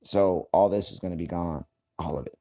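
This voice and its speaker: A man's voice: low voice, fairly quick, gravelly, warm tone. A man hosting a casual livestream, talking loosely and profanely, joking, and greeting viewers by name. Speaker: livestream host.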